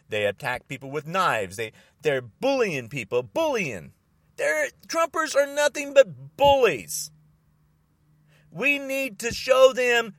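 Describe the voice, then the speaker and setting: A worked-up man ranting to the camera, his fairly high voice leaping up and down as he stresses point after point. He repeats himself and now and then breaks into loud bursts, heard close and dry with no room sound. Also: no echo. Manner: agitated, repetitive, bursts of loud emphasis. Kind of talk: angry political rant to camera.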